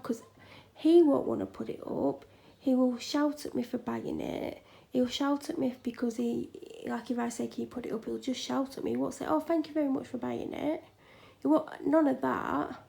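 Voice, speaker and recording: A woman chatting frankly in a home vlog from a room she is decorating, sometimes dropping into soft whispered asides. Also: fairly high pitch, gravelly. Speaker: vlogger. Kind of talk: casual home vlog chat.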